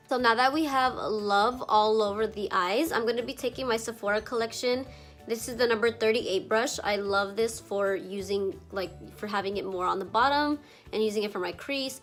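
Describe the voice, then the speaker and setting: Her allergies leave her slightly congested as this beauty vlogger, a young woman with a medium-pitched voice, talks through her makeup tutorial. The chatter is casual, peppered with "like" and the odd swear word.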